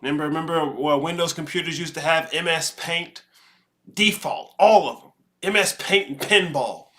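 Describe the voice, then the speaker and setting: A man with a fairly high voice lectures his listeners on a commentary show. He curses freely and piles up analogies to drive his point home. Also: normal speed, bright, forceful tone. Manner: profane, lecturing, heavy on analogies. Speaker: show host. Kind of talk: reaction commentary.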